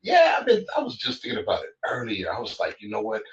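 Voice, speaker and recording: A man with a lower voice talks emphatically in a casual podcast chat, repeating words to drive his point home. The recording sounds dull and lo-fi. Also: huge pitch swings, fast talker, a bit bright. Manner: emphatic, repeats himself for effect. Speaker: podcast co-host.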